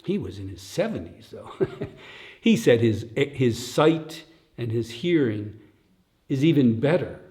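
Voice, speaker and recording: Slow, reflective older male dharma teacher. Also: medium pitch, very animated. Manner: slow and reflective, often tags lines with "huh?"; soft chuckles, drops to near whispers. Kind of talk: dharma talk at a retreat.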